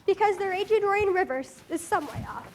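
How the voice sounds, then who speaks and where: A teenage girl acting a cruel, gloating female witch in a school stage play, with mocking, drawn-out taunts. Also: extremely high pitch, lively intonation, slight background noise. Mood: menacing. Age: teens. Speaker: student actor.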